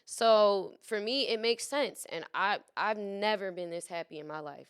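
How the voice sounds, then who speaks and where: A woman's voice: medium pitch, measured pace, smooth. A woman guest in a candid casual chat, talking frankly and expressively and swearing freely. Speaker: podcast guest.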